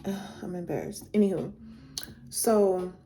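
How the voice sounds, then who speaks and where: A woman's voice: fairly low pitch, unhurried, dark tone, soft background music. A young woman telling a personal story in a casual storytime, rambling with lots of fillers and swearing, her voice climbing when she gets worked up.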